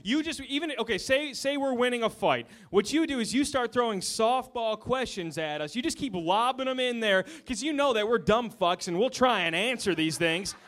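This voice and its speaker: Male stand-up comic, very high voice, ranty and profane. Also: expressive, normal speed, hardly any pauses. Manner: ranting, swearing, building to shouts. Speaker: stand-up comedian. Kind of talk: stand-up routine.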